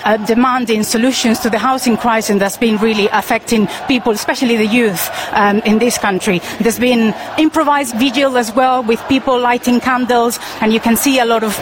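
A woman's voice: fairly high pitch, fairly even intonation, brisk, hardly any pauses. Woman reporting live over street noise. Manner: unscripted, with fillers and restarts, raising her voice over the crowd. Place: outdoors in a city square at a protest. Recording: loud outdoor street noise.

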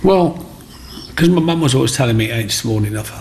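A middle-aged man, telling his life story in an interview in a chatty, animated way. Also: mid-range voice, brisk, slight background noise. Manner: chatty, animated, acts out voices in anecdotes. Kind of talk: personal storytelling.

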